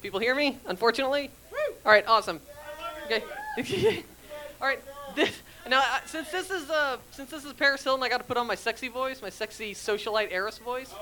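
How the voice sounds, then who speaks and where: A woman's voice: high-pitched, expressive, a little fast, pushed and bright, poor audio. A woman reading on stage at a comedy event, giggly, with wry asides to the crowd. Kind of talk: comic live reading.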